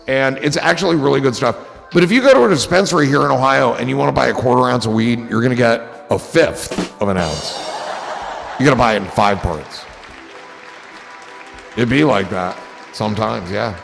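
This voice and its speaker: Gravelly-voiced man rambling on a stream. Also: medium pitch, lively intonation, moderate pace, in a large hall, over music, a crowd in the background. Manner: rambling, goofy and profane. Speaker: livestream host. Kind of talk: casual livestream chat.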